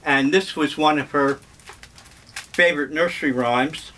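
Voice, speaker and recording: An older man talks slowly and unhurriedly, wandering from memory to memory with dry humor. His voice sits somewhat high for a man. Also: sharp tone. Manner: slow, rambling, wry. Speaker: vlogger. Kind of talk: casual reminiscing monologue.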